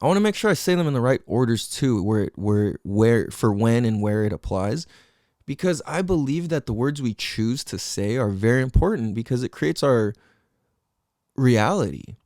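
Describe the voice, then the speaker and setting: Animated, profane young man podcasting. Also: mid-range voice, normal speed, no room sound, clean studio sound. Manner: animated, profane, slangy, acts out quotes of friends. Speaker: podcast host. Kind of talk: casual solo podcast monologue.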